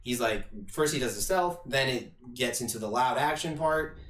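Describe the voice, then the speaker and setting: A man's voice: medium pitch, moderate pace, fairly bright tone. A young man co-hosting a casual movie podcast, eagerly recapping scenes, acting out quotes and swearing freely. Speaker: podcast co-host. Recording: roomy echo, distant mic, faint hiss.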